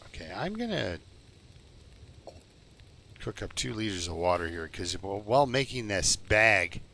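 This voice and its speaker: A man's voice: sits low, bright, forceful tone, a little hiss or hum. A man giving rambling, jokey commentary while live-streaming a game and chatting with viewers. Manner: rambling, jokey, talks to chat.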